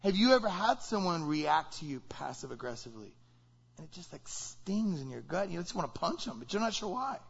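A man with a fairly high voice preaches a sermon in a conversational way. He keeps asking his listeners questions. The recording sounds a little dull and lo-fi. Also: big pitch swings, fairly quick, vocal fry, husky. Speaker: pastor.

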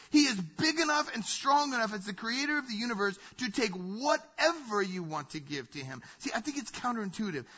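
Emphatic preaching man, high bright voice. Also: husky. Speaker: pastor. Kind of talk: sermon. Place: church stage. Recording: dull lo-fi sound.

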